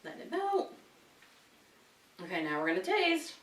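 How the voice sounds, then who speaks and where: A woman's voice: high-pitched, wildly swooping pitch, measured pace, a bit bright. Chatty woman host in a roomy space. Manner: chatty, talks while chewing, frequent laughs. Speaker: wine and chocolate tasting host. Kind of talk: casual tasting vlog. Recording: roomy sound from some distance.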